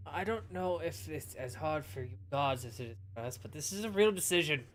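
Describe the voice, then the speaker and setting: A man's voice: on the high side, expressive, a little fast. A man playing his character in a tabletop game, profane and playful. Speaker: player. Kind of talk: tabletop role-play in character.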